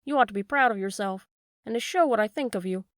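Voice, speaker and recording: A woman's voice: mid-range voice, fast talker, dry recording, studio quality, natural voice. A woman voicing a hearty country farmer who is pleased with himself, speaking boastfully in a storybook reading. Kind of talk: storybook read-aloud.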